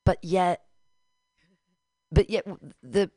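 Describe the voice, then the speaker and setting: A woman in her forties co-hosting a casual radio talk show, sardonic and quick to leap into high mocking tones. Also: dark tone, no room sound, clean studio sound. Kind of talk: casual chat.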